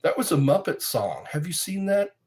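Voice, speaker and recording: His voice sits a little high and sounds slightly mellow, swinging widely in pitch at a normal pace. During a relaxed livestream he rambles, jokes, reads viewer comments, and laughs at his own lines.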